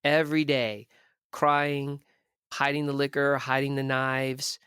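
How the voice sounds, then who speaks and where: A man's voice: mid-range voice, slow, clean tone, no echo, clean studio sound. Blunt, profane man telling his story. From Southern California. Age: 30s. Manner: blunt, profane, animated storyteller who acts out quoted dialogue. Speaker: podcast guest. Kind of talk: candid conversational storytelling.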